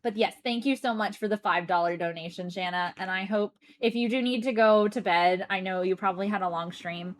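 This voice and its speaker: A woman's voice: medium pitch, fairly quick, few pauses, a little hiss or hum. A woman with an American accent that has a slight British influence, chatting casually on a live stream and thanking viewers in a rambling way. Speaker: Twitch streamer.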